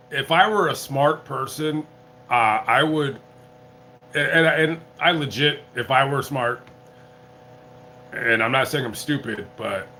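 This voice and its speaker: A man's voice: mid-range voice, bright, forceful tone, a little hiss or hum. A man hosting his own livestream, talking casually in a rambling way with lots of fillers and restarts. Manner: rambling, self-interrupting, many fillers. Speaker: YouTube livestream host.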